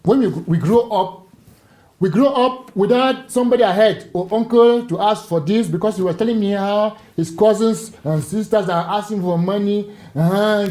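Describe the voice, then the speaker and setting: Man from West Africa, priest guest, blunt and emphatic, mellow voice, echoey room. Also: high-pitched, moderate pace. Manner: blunt, emphatic, repetitive phrasing. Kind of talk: casual interview talk.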